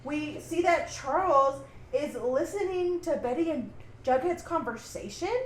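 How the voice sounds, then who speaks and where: A young woman co-hosting a podcast, chatting casually through a TV recap, hesitant and quick to laugh as she reads from her notes. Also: sits high, expressive, a little hiss or hum. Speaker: podcast co-host. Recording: roomy echo.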